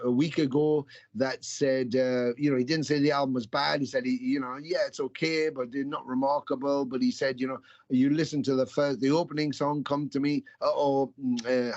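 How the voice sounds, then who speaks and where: A man in his fifties, a musician being interviewed over a video call, telling stories in a rambling way with many restarts. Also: medium pitch. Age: 50s. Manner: rambling, storytelling, frequent restarts. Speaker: musician guest. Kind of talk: casual interview chat. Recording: slightly dull video-call audio.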